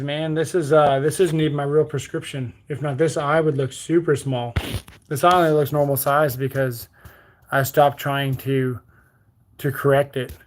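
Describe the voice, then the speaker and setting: A man's voice: on the high side, fairly bright tone. Laid-back Bermudian man chatting on stream. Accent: Bermudian mixed with Texas country. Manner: reads viewer comments aloud and answers in a loose, joking way. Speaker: livestream host. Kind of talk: casual livestream chat.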